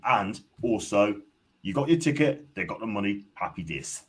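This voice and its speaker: A man's voice: fairly low pitch, animated, measured pace, darkish tone, slightly rough. A man talking as a guest on a casual live stream, earnest and hesitant with many fillers.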